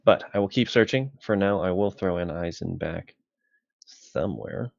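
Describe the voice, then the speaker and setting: A man's voice: sits low, normal speed, gravelly, no room sound, dull audio. A man player casually thinking aloud over his game choices, with frequent hesitations, heard over an online call. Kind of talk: casual tabletop game chat.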